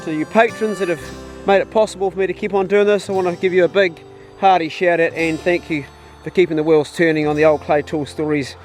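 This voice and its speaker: High-voiced New Zealand man vlogging. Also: steady tone, fast talker, soft background music. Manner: easygoing, chatty, talks to his dogs. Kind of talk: casual travel vlog. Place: outdoors on a farm.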